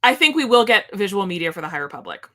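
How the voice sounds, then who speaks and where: A woman co-hosting a podcast in casual chat, excitable and gushing, rambling with lots of fillers. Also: medium pitch, quick pace. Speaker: podcast co-host.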